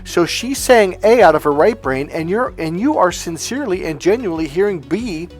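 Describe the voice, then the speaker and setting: A man's voice: high voice, expressive, normal speed, soft background music. A man working as a dating coach, talking through ideas and a client story in an emphatic, swearing manner.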